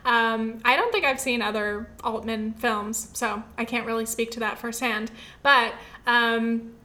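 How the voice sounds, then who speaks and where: A woman's voice: on the high side, fairly even intonation, unhurried, pushed and bright. A young woman casually reviewing films she watched for class, chatty and rambling, with lots of fillers and self-corrections. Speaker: film review podcaster. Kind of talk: casual film review chat.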